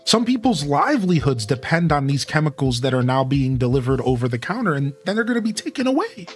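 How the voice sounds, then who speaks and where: A man's voice: fairly high pitch, very animated, quick pace, slightly rough. A laid-back male streamer in casual conversation with his chat, speaking in an easygoing, friendly way. He talks directly to his viewers while faint music plays underneath.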